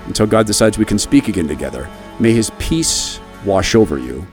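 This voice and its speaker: A middle-aged man hosting a radio commentary, telling a personal story in an earnest, halting way with frequent restarts. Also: animated, soft background music. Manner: earnest, halting, with restarts and a wide pitch swing.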